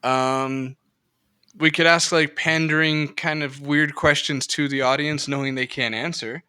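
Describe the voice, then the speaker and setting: A man's voice: on the high side, fairly even intonation, a little slow, sharp tone, clean tone. A man co-hosting a casual podcast, joking and self-deprecating, often breaking into laughter. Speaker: podcast co-host.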